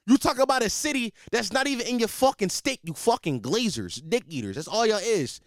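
Brief: young Philly man, high voice with wild swings, profane comedic rant, dry close sound. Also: fairly quick, dry recording. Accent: Philadelphia. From Philadelphia, USA. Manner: animated, swings between shouting and muttering, repeats himself. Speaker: comedic ranter.

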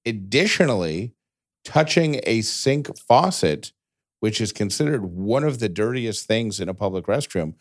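Male co-host, lower pitch, dry humor, close dry mic. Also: sing-song, measured pace, no echo. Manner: dry joking, stumbles and restarts. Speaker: podcast co-host. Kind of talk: casual chat and news segment.

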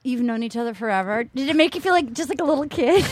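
A woman hosting a podcast in casual chat, animated and quick to laugh. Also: high-pitched, slight background noise. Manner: animated, laughing, shrieks catchphrases. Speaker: podcast host.

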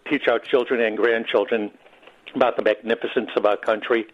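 An older man calling a radio show, speaking earnestly and haltingly with gratitude. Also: medium pitch, little pitch movement, dull audio. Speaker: caller. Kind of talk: call-in talk.

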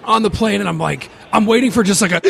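A man's voice: high voice, fast, vocal fry, fairly bright tone. A man telling a long personal story in casual podcast talk, rambling and swearing, with many fillers.

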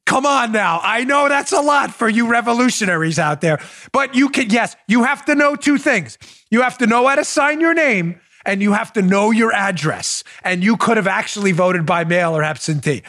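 A male talk show host with a high, very lively voice. He mocks his targets theatrically, swings his pitch up and down, and keeps breaking into laughter while bantering with a producer. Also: moderate pace.

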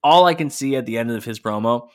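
A man's voice: mid-range voice, fast. A man co-hosting a podcast, chatting casually and swearing freely while recapping a wrestling show. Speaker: podcast co-host.

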